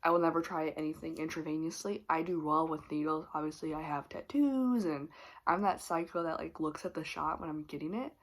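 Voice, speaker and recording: A young woman telling a storytime confession, casual and rambling with loose laughter. Her voice sits a little low for a woman. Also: brisk. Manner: rambling and candid, full of fillers and laughs. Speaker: vlogger.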